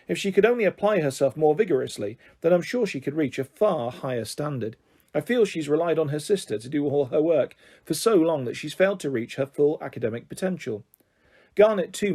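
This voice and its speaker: A man reading a children's novel aloud in an expressive, animated way. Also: fairly high pitch, husky. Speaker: storyteller.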